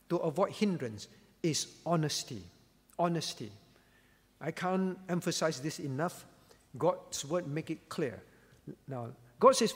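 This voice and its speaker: A man's voice: high voice, long reverb tail. A male pastor preaching a sermon, emphatic and repeating key phrases for weight.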